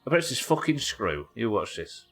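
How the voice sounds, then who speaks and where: A man's voice: medium pitch, sing-song, brisk, fairly bright tone. A man hosting a live gaming stream, chatting casually and swearing freely as he jokes with his chat. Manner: chatty and profane, joking with chat. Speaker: gaming livestream host.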